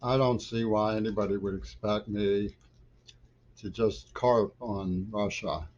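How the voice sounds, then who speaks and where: Middle-aged male poet for a home vlog; low-pitched, digressive and increasingly insistent, dull lo-fi sound. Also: steady tone, a little slow, darkish tone. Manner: digressive, loose trains of thought that grow insistent. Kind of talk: rambling political monologue.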